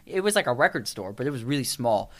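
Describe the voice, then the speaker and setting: A man's voice: mid-range voice, big pitch swings, fast. A man co-hosting a podcast in casual chat, rambling through stories and acting out the people in them. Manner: rambling storyteller, acts out quoted voices. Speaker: podcast co-host.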